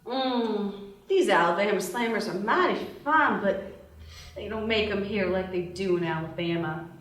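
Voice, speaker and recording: A woman's voice: mid-range voice, a little slow, fairly bright tone, lightly acted. A woman voicing a flirty Southern belle who speaks in a put-on Southern US drawl, sugary and folksy. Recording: roomy, distant, faint hiss.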